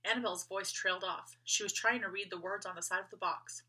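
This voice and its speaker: A woman reading a children's book aloud, gentle and expressive. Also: mid-range voice, brisk, breathy edge. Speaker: storyteller.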